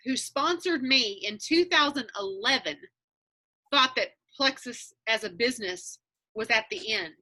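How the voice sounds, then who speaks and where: A woman's voice: on the high side, pushed and bright. A woman coaching a newcomer on a video call, earnest and motivational, with frequent restarts. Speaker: business coach.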